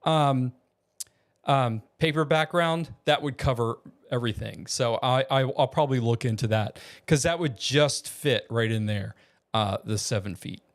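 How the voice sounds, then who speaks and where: A man's voice: medium pitch, lively intonation, slow. A man from Virginia talking casually in his home studio as a vlogger, rambling with lots of fillers and restarts. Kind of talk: casual vlog.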